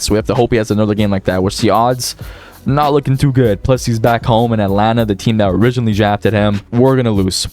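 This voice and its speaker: A young man giving casual, excitable commentary over a basketball video game, swinging between gloomy muttering and high-pitched shouts. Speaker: gaming YouTuber.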